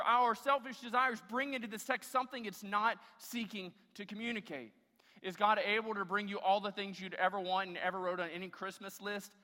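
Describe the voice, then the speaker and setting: A man's voice: sits high, pushed and bright. A man pastor preaching an earnest sermon to a congregation, repeating words and building emphasis. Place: church sanctuary. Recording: long reverb of a church hall.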